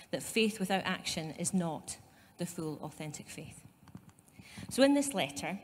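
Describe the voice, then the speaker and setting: A woman's voice: lowish voice, darkish tone, big-room sound, a little hiss or hum. A woman pastor with a Scottish accent giving a conversational sermon, with asides to her congregation. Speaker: site pastor. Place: church.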